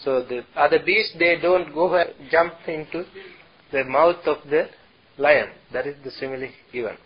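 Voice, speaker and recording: Man, Buddhist dharma talk, high voice, husky, lo-fi sound, chants verses. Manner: slow and halting, chants Pali verses. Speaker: Buddhist monk teacher. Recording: dull lo-fi recording.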